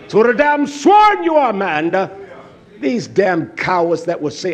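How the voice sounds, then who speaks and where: A man preaching a fiery sermon, blunt and cursing freely, swinging from shouts to hushed tones. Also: sits high, animated, a little slow.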